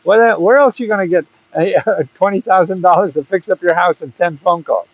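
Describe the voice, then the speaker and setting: Speaking fairly quickly in a voice that sits high, a man hosts a chatty, rambling talk to the camera offering grant advice, punctuated by emphatic urging. The recording is dry, dull and lo-fi.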